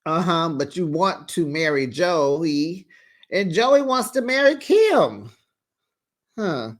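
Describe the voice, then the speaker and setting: Recap vlogger: sassy, teasing, animated, lively swings in pitch, talks straight to viewers. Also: slow pace. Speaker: reality TV recap host. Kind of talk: casual reality-show recap commentary.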